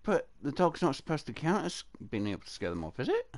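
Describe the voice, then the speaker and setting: A man's voice: on the high side, wildly swooping pitch, brisk, dry recording. A man hosting casual co-op gameplay, chatty and puzzled, with some mild swearing. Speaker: gaming channel host.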